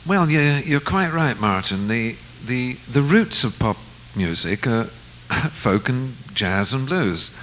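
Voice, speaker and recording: A man, a guest musician, telling a long anecdote in an unhurried, reflective way, acting out the lines of the people in it. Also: mid-range voice, big pitch swings, a bit bright, slight background noise, low-quality recording. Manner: unhurried, reflective storyteller who acts out quoted lines. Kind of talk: storytelling anecdote in conversation.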